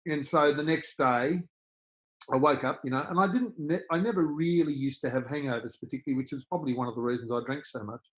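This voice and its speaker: A middle-aged Australian man, a podcast guest, telling personal stories in an animated way and acting out the voices he quotes. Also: mid-range voice, fast talker, low-quality recording. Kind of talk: storytelling interview.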